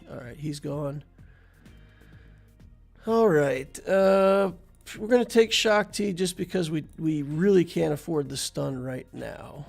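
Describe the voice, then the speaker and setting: A man's voice: on the high side, takes it slowly, vocal fry, soft background music. A man giving casual gameplay commentary, thinking aloud as he plays and chatting to the viewer. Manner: thinks aloud while playing, relaxed and chatty, talks to the viewer. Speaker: game channel host.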